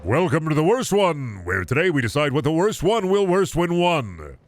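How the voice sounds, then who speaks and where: A man putting on a theatrical, booming male YouTuber intro voice. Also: very animated, normal speed. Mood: hyped.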